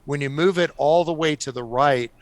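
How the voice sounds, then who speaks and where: A middle-aged man telling stories on a podcast as a guest, animated and often laughing. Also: fairly high pitch, moderate pace, no room sound. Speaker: guest author. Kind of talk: casual storytelling on a podcast.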